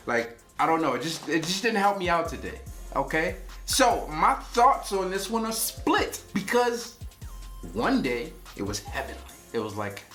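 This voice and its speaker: A man's voice: sits high, pushed and bright. A man casually reviewing a fragrance on his vlog, joking and rambling through stories as he talks. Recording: roomy echo.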